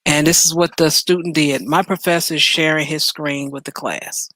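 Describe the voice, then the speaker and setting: A woman hosts a casual reaction show, reading articles aloud and then riffing on them in an animated, joking way. The sound is dry and close, with no room echo. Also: low voice, normal speed. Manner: animated, playful, reads headlines aloud then riffs. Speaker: host.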